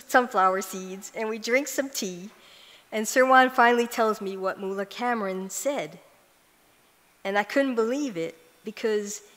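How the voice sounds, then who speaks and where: A woman giving a prepared conference talk, telling a personal story earnestly and stressing key lines. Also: medium pitch. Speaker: conference speaker. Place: large church hall. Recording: long hall reverb.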